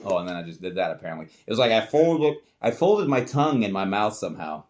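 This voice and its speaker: A man's voice: fairly low pitch, very animated, quick pace. A man, rambling casually and swearing offhandedly while he tests old recording gear at home. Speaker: vlogger. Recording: noisy home recording with clicks.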